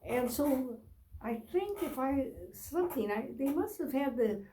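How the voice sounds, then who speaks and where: A woman's voice: high-pitched, lively intonation, a little slow, warm tone, a little hiss or hum. An older woman reminiscing casually about family, rambling and trailing off mid-sentence. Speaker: grandmother telling life stories. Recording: voice from far off the mic.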